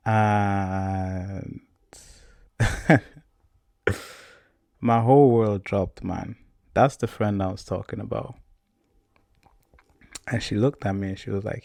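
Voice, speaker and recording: Low gravelly young man telling a story. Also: a little slow, long pauses, no echo, clean studio sound. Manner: casual, repetitive, animated retelling. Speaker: podcast host. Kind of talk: personal storytelling.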